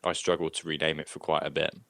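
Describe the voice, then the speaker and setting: A man co-hosting a podcast, telling self-mocking stories in a casual, animated way and swearing freely. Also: rumbling low, fast talker, creaky, no room sound. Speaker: podcast co-host. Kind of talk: casual chat.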